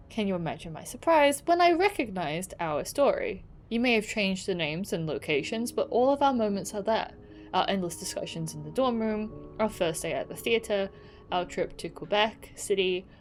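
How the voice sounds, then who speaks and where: Chatty woman streamer reading game letters aloud. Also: mid-range voice. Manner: reads letters aloud with quick asides and frequent laughter.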